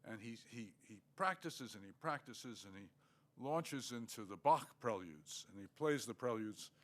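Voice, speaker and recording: An older man giving an academic lecture, measured and halting, with many fillers. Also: medium pitch, animated, fairly bright tone. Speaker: guest lecturer.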